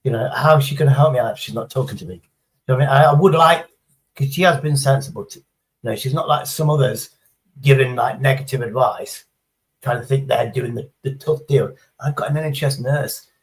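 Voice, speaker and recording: A man's voice: mid-range voice, a little fast, rough recording. A middle-aged man, chatting casually on a livestream in a rambling, sweary, sarcastic way. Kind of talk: casual chat.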